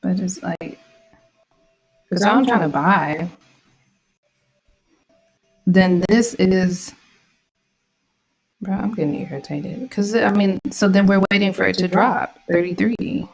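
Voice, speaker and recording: A woman's voice: mid-range voice, slow pace, pauses often, a little mellow, breathy edge, faint music behind, low-quality recording. A woman vlogging her trades in casual live commentary, slangy and irritated, swearing often. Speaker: trading vlogger.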